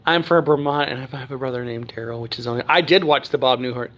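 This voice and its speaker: A man's voice: mid-range voice, fast, a bit bright, highs cut off. A middle-aged man hosting a casual livestream, chatting with viewers in a rambling way with many fillers and restarts. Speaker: livestream host. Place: home, living in Texas. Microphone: phone or webcam on a livestream.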